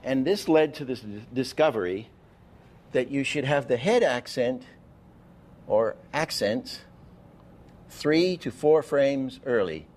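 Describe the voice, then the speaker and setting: An animation teacher delivers a masterclass lecture, making false starts and counting frames out loud. His mid-range voice is animated and a little mellow, and he speaks slowly.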